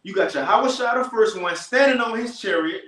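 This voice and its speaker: A man teaching scripture in a casual, slangy way, slowing down to read verses with emphasis. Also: high voice, lively intonation, a bit bright, reverberant, poor audio. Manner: slow, emphatic scripture reading.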